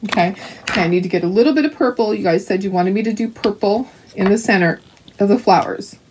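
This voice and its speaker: A woman's voice: mid-range voice, quick pace. Brief: older woman craft host, friendly running chatter as she paints, laughs a lot, faint background noise. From Canada. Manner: chatty, laughs often, talks to viewers. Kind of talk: casual chat while painting crafts.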